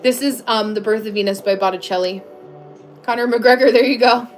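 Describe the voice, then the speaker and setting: A woman's voice: fairly high pitch, a little fast. Woman, 30s, casual livestream host, chatty, full of fillers, faint music under her. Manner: chatty, many fillers and restarts. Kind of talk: casual live chat answering viewers.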